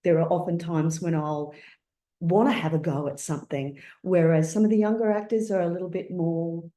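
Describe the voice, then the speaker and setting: A middle-aged woman, an actor on a webinar panel, speaking thoughtfully and haltingly over a video call. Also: on the low side, fairly even intonation, mellow. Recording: echoey room on video call.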